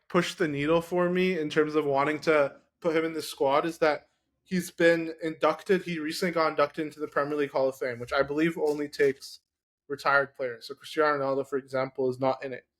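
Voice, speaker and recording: On a casual sports podcast, a male co-host argues about football players, peppering his points with "like." His voice is slightly high and steady in tone, and he speaks a bit quickly in an argumentative way.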